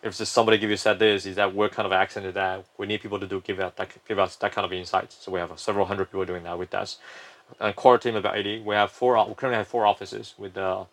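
Fast-talking man explaining a business. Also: on the low side, little pitch movement, fairly bright tone. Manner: fast, restarting often, explaining at length. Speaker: company founder and CEO, interview guest. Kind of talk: casual business interview.

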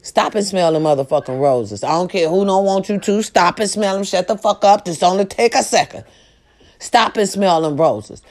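A middle-aged woman chatting casually and loudly to her viewers, swearing freely and breaking into snatches of song. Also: medium pitch. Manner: loud, profane and animated, with sung snippets. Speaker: live-stream host.

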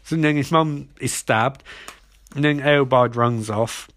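A man's voice: mid-range voice, unhurried, a bit bright, no room sound, clean studio sound. A man giving a rambling, profane, jokey recap of a television episode. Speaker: show recapper. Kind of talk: casual comedic episode recap.

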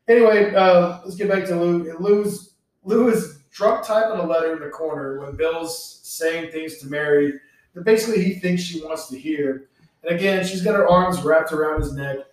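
A man's voice: a little high, moderate pace, recorded from a distance. A man co-hosting a podcast, casually recapping a TV episode and acting out the characters' lines in a laid-back way. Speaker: podcast co-host. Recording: echoey room, voice off-mic.

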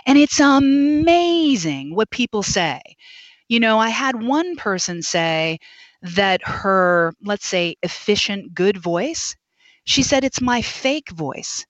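A woman's voice: mid-range voice, slow, no room sound, muffled recording. A woman speech pathologist talking expressively as a guest on an interview podcast. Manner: animated, expressive, dramatizes quotes.

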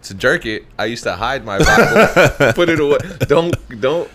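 A man's voice: normal speed, a crowd in the background. A man co-hosting a podcast, laid-back and laughing through crude casual banter. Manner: laid-back, laughing, lively swings in pitch. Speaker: podcast co-host.

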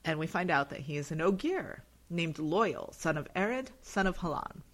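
Podcast co-host, woman, chatty recap delivery, lively swooping pitch, loose and filler-heavy. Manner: chatty, lots of fillers, quick laughs. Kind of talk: casual chat recap.

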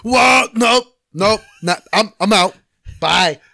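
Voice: mid-range voice, takes it slowly, vocal fry, sharp tone, no echo. A co-host in a casual chat, joking with playful mock outrage.

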